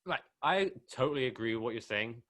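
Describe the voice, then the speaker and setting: A man's voice: mid-range voice, animated, fairly quick, a bit bright, no echo. An Englishman with an Essex accent co-hosting a podcast, laid-back and swearing freely in casual chat. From England. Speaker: podcast co-host.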